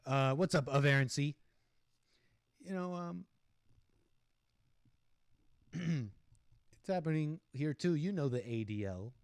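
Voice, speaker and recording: Male streamer host, indignant sarcastic commentary, higher pitch, dry close-mic sound. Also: slow pace, long pauses, no echo. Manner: sarcastic, indignant, laughs at own jokes. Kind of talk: ranting commentary over a video clip.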